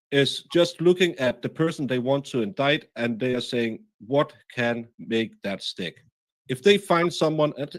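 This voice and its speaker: A man's voice: on the high side, no room sound. Guy hosting a stream, lots of uhs, reads chat out, dry sound. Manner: halting, many fillers, reads chat comments aloud. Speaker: livestream host. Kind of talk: casual livestream chat.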